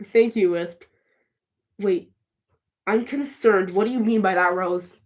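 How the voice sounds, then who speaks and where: A woman livestreaming, answering her chat in a casual, chatty way with quick flustered restarts. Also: mid-range voice.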